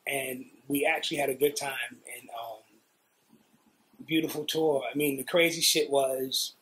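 A middle-aged man with a New York accent telling profane, animated stories in a casual interview. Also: mid-range voice, a little slow. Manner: profane, animated, acts out quotes. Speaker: interviewee, guitarist. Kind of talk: casual storytelling.

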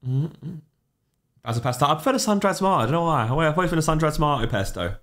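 A young man chats casually on a livestream, rambling and tossing out offhand opinions as he reacts to chat messages. His voice is a little high and fairly bright, expressive, and fast.

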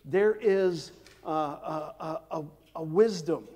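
A man preaching a sermon as pastor, measured and unhurried, with frequent "uh" fillers and the odd dry aside. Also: fairly high pitch, dark tone. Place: church sanctuary. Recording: long church hall reverb.

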